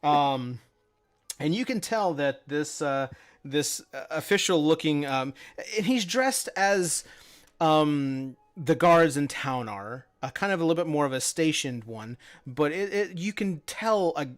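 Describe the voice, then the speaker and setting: Slow-talking male game master. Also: fairly high pitch, expressive. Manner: rambling, many fillers and restarts. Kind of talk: narrating a tabletop game.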